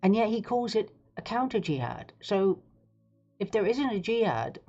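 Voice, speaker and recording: A woman's voice: mid-range voice, big pitch swings, moderate pace, mellow, lo-fi sound, faint music behind. A woman hosting a live stream, talking in a rambling, sarcastic, digressive way. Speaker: livestream host. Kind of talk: casual live-stream commentary.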